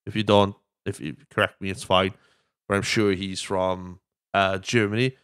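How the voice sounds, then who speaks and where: A man's voice: low-pitched, little pitch movement, normal speed, a bit bright, smooth, dry recording, clean studio sound. A young man hosting a podcast in casual chat, rambling and jokey and swearing freely. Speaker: podcast host.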